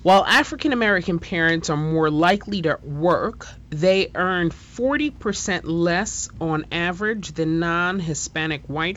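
A woman with a New York accent guest-hosts a radio interview. Her voice sits a little low, and she talks assuredly and conversationally, laying out statistics for her listeners. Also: a bit bright, lo-fi sound. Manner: assured, conversational, quotes figures.

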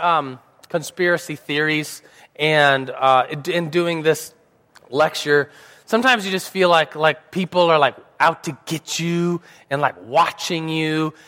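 A young man with a fairly high, bright voice and a forceful tone gives a casual Sunday school talk in a church hall. He has a slight sore throat, rambles, jokes and uses lots of fillers, and the recording carries the hall's reverb.

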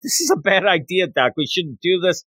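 A man's voice: medium pitch, very animated, moderate pace, a bit bright, no echo. A man voicing a nervous young sidekick who pleads anxiously. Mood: worried.

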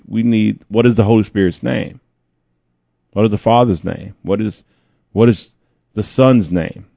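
A man's voice: on the low side, gravelly, warm tone, no echo, muffled recording. A man preaching a conversational sermon as pastor, with playful asides.

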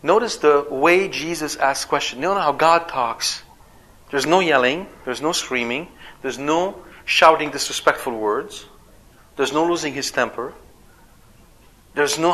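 Bright, animated male preacher. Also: on the high side, a little slow. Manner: animated, acts out quoted voices. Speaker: father. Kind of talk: sermon.

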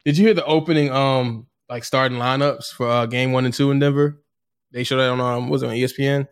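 A man's voice: medium pitch, fairly even intonation, clear, resonant tone. A man co-hosting a casual sports podcast, chatting in an easygoing, laughing way. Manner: unhurried, chatty, laughs easily. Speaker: podcast co-host.

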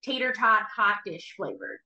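A woman's voice: medium pitch, animated, moderate pace, pushed and bright, dull audio. A woman from North Dakota co-hosting a podcast, rambling casually and self-deprecating, laughing easily. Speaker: podcast co-host. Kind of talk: casual chat. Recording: roomy echo.

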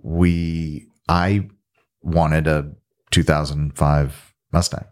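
A man from the American South, a film director as guest, telling animated stories in casual conversation in a podcast studio. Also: very deep voice, extremely slow. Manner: animated anecdote-teller, trails off and restarts. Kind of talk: casual storytelling in an interview.

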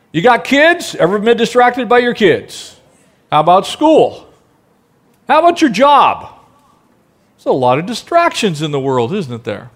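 A male pastor preaches a sermon in a high, lively voice with wide swings in pitch. He's animated, repeatedly throwing rhetorical questions at the congregation, and now and then drops into a soft, gentle hush for quieter passages.

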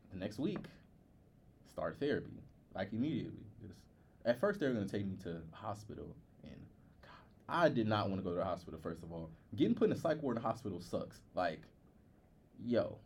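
A young man, a podcast co-host, telling a personal story in a candid, halting way with many filler words. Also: on the low side, darkish tone, slight background noise.

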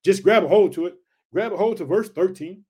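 A man's voice: high voice, a little fast, a little mellow, breathy edge. A man teaching a Bible passage with fervent energy, often asking his listeners if they heard and calling them family. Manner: fervent, keeps asking "did you hear?" and "check it out".

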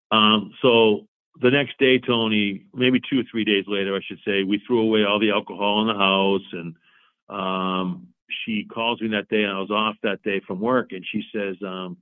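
Guest, man in his 40s, low voice, earnest confessional storyteller, dull lo-fi line. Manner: earnest, repeats himself, acts out both sides of dialogue. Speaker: interview guest.

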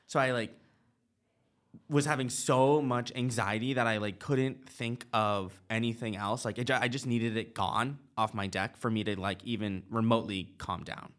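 In a mid-range voice at normal speed, a man recounts a story while co-hosting a casual podcast. The telling is lively and packed with fillers.

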